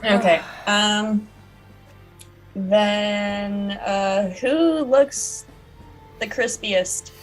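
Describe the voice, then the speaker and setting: Woman player, mid-pitched voice, playful, home mic on a call, faint music behind. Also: extremely slow, long pauses. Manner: playful, checks rules aloud. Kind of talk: casual tabletop play.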